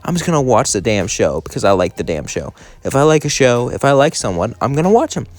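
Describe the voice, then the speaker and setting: A man's voice: medium pitch, sing-song, fast. A man hosting his own channel, talking casually and ranting bluntly and emphatically about his opinions. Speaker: channel host. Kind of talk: casual monologue and rant.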